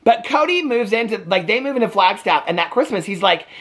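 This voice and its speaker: A man's voice: sits high, expressive, fairly quick, hardly any pauses, fairly bright tone. A man hosting a reaction channel, chatting sarcastically about a TV show, laughing often and adding "okay?" as he goes. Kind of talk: casual reaction commentary.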